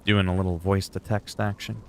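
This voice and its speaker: A man's voice: sits low, flat delivery, brisk, slight background noise. A man streaming games, chatting in a rambling, joking way with some swearing. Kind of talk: casual chat while gaming.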